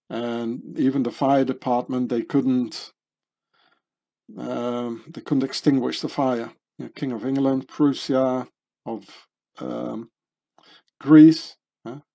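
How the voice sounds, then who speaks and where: A man works through a loose, meandering monologue, circling back and restarting his sentences with fillers. His delivery is unhurried and drawn out. His voice sits mid-range with a dark, mellow colour. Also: medium pitch. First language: German. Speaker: commentator. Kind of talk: rambling monologue over images.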